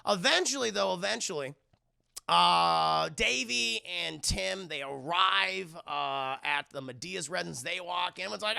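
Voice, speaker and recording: A man tells a casual movie recap in a rambling, animated way and swears freely. His voice is gravelly with a very bright edge and sits a little high. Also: measured pace. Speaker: movie reviewer streaming live.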